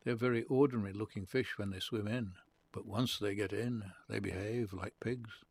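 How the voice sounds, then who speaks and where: A man reading aloud who plays an earnest, odd young man. The young man teases gently, then turns curt and touchy. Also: fairly low pitch, steady tone, normal speed, gravelly, husky. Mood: teasing.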